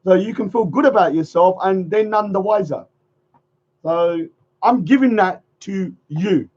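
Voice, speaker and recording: A man with a fairly high voice chats casually to his livestream audience, rambling and circling back to the same phrases. The sound is muffled and lo-fi, like typical stream audio. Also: unhurried, darkish tone. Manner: rambling, repeats phrases, chuckles often. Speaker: livestream host.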